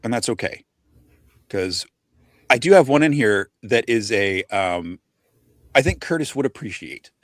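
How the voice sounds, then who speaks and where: A man's voice: lowish voice, expressive, unhurried, long pauses, no room sound, studio quality. A man in his forties hosting a casual livestream chat, rambling and self-deprecating, tripping over names as he reads them out. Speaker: podcast host.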